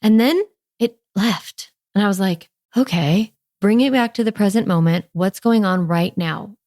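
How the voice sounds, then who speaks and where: A woman's voice: medium pitch, a little slow, a little mellow, dry recording. Earnest woman podcast host, dry close sound. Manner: earnest, conversational, many "like" fillers. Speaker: parenting coach and podcast host. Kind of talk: casual podcast monologue.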